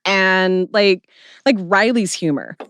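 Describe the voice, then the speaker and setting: A woman's voice: mid-range voice, a bit bright, clean tone, no room sound. Woman cohost chatting, blunt, cusses a lot, dry close sound. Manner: blunt, swears freely, quick asides. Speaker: podcast co-host. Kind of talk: casual chat.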